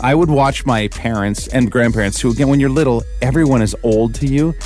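A man's voice: medium pitch, brisk, darkish tone, soft background music. A man co-hosting a morning radio show, telling easygoing personal anecdotes. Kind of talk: casual chat, storytelling.

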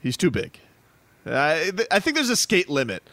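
Male sports radio host, joking, swinging pitch, casual. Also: moderate pace, no room sound. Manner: animated, joking.

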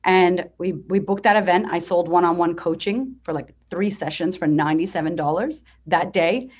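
A woman in her thirties with a slightly low voice tells her story as a podcast guest. She talks bluntly and with plenty of energy, and she swears freely. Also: normal speed, husky. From United States. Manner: blunt, profane, energetic and animated. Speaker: business coach guest.

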